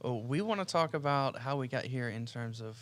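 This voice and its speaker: A man's voice: medium pitch, expressive, normal speed. A man from Alabama, co-hosting a casual podcast in a dry, thoughtful way. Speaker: podcast co-host. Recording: faint background noise.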